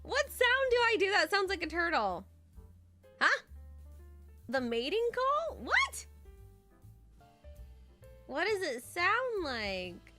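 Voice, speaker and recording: Very high-pitched, bright young woman streamer. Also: huge pitch swings, slow pace, long pauses, faint music behind. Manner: swears a lot and whines in mock outrage at chat. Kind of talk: live stream chat reaction.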